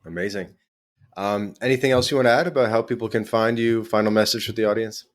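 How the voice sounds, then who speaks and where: Low-voiced easygoing male podcast host. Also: steady tone, fast talker. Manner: short, easygoing prompts and reactions. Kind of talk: casual podcast interview.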